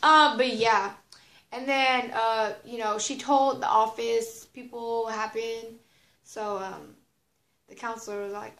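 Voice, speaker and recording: A teenage girl with a slightly high voice tells a loose, rambling story full of fillers, slang and the odd curse word. Her voice bounces off a roomy, echoey space. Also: steady tone, measured pace, fairly bright tone. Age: teens. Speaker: vlogger. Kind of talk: casual storytime monologue. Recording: roomy echo.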